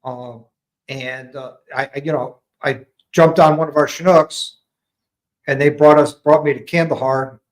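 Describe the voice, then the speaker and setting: A man's voice: fairly high pitch, a little slow, rough recording. An American man, a veteran and former maintenance platoon sergeant, telling war stories casually and acting out the quotes. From United States. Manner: animated storyteller who acts out quotes. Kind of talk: casual storytelling.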